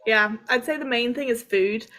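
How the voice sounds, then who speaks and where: A woman, talking as a guest in a quick, informal way with lots of fillers. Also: a little high, bright, forceful tone. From south of England. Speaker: guest speaker. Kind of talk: conversational interview.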